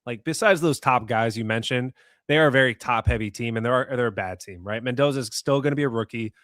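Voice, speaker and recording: Podcast host, relaxed conversational guy, dry close sound. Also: mid-range voice, fairly quick, no echo. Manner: conversational, reads listener comments. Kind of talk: casual sports podcast chat.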